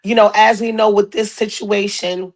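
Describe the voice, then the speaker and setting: Woman host with a raspy cold voice, chatty and repeating herself, middle pitch. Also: fairly even intonation, normal speed. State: hoarse from a cold. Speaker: podcast host. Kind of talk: casual live-stream chat.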